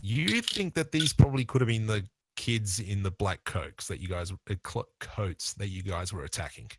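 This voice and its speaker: A man with an Australian accent narrating a tabletop game as game master, relaxed and thinking aloud. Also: lowish voice, normal speed, a little hiss or hum.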